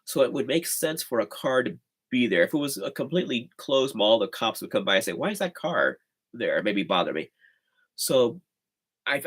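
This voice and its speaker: A man's voice: mid-range voice, husky. A man hosting a livestream, talking casually in a rambling, chatty way with sighs and laughs. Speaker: host of a livestream.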